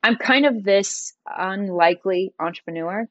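A middle-aged woman, a podcast guest, telling her story in a lively conversational way. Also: mid-range voice, unhurried, dry recording. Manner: animated, acts out quoted dialogue in her stories. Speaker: podcast guest, entrepreneur and designer.

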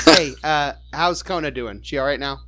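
A man's voice: on the high side, bright, forceful tone. A man hosting a casual sports fan podcast, joking and teasing as he talks. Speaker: podcast host.

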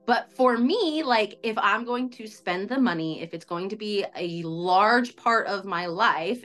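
A woman's voice: mid-range voice, a bit bright. A woman guest telling a personal story in a chatty, self-questioning way, with lots of "like". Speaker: interview guest. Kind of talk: casual storytelling.

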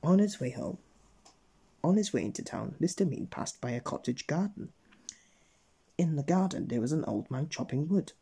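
A man reading a bedtime story aloud in a gentle, expressive way. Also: on the high side, moderate pace, vocal fry, long pauses, slightly rough.

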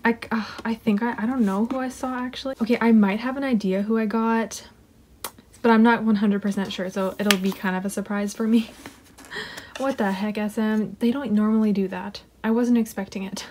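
A woman chatting casually at her desk while unboxing an album, excitable and giggly, often gushing and sometimes dropping to a whisper. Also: medium pitch, moderate pace. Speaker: unboxing vlogger. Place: home desk.

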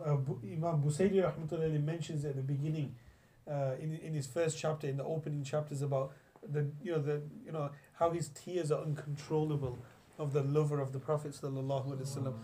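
Warm in tone and pitched on the high side, this young English teacher gives a religious class on hadith, against slight background noise. His storytelling is chatty, full of restarts and recited Arabic phrases.

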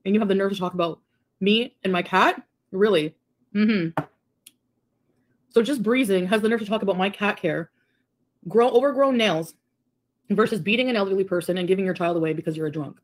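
A woman's voice: mid-range voice, a little fast, pauses often, a little hiss or hum. Brief: young woman, casual stream chat, sarcastic comment reader.

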